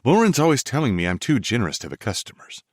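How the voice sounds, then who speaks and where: A man's voice: medium pitch, sing-song, fast talker, dry recording, studio quality, pitched above the performer's own voice. A man voicing an earnest young woman dress designer, eager and pleading, in an audiobook. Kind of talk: audiobook character voice.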